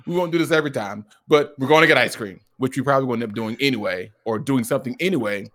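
A man's voice: mid-range voice, fast. A man co-hosting a podcast conversation who tells stories earnestly and acts out quoted lines. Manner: animated storytelling, acts out his son's lines; earnest and reflective. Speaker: podcast co-host. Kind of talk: casual conversation.

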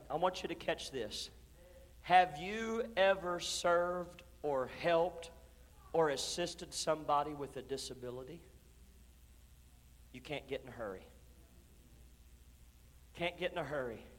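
A pastor preaching an impassioned sermon in a church, moving from hushed, drawn-out lines to shouted declarations. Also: male voice, high voice. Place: church sanctuary. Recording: long reverb of a church hall.

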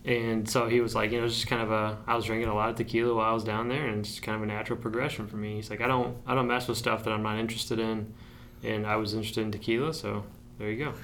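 A man's voice: fairly low pitch, little pitch movement, rapid-fire, a bit bright, slight background noise. A man hosting a casual podcast, easygoing and a little hesitant, chuckling between thoughts. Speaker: podcast host. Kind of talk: casual chat.

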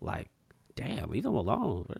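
A man co-hosting a podcast, relaxed and casual, mostly chiming in to agree. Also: medium pitch, measured pace, vocal fry, husky, no room sound. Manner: relaxed, agreeing, short interjections. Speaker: podcast co-host. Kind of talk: casual chat.

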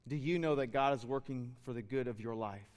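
A man's voice: mid-range voice, fairly quick, darkish tone, long reverb tail. Man preaching a conversational sermon. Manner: conversational, building to fervent exhortation. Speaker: pastor.

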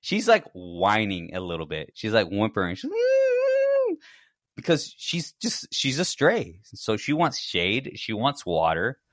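A man's voice: fairly low pitch, big pitch swings, measured pace, few pauses, fairly bright tone, no echo, studio quality. A man co-hosting a podcast, telling a long story in casual chat and acting out his own reactions. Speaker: podcast co-host.

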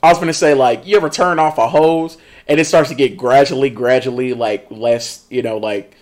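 A man's voice: mid-range voice, normal speed, darkish tone. A young man co-hosting a podcast, chatting casually in a loose, joking way with profane slang and frequent laughter. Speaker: podcast co-host. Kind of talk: casual chat.

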